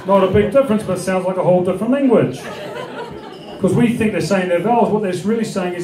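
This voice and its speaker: High-voiced comic on a roomy stage. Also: male voice, lively intonation, fast. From Australia. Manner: jokey, puts on accents and voices. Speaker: stand-up comedian. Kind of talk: stand-up comedy set. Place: comedy club on stage. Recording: echoey club from a distance, audience laughter. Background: crowd laughing.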